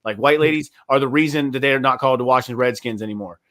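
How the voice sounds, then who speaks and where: Comedian guest, male, from West Virginia: bright, mid-pitched, rambling and profane. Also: fast talker. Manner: rambling, profane, animated with many fillers. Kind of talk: casual podcast chat.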